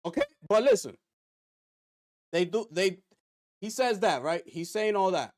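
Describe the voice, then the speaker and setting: A man's voice: high-pitched, unhurried. A man streaming gaming commentary, ranting with rhetorical questions and mocking asides. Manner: animated, rhetorical, drops into mocking voices. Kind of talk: live-stream commentary rant.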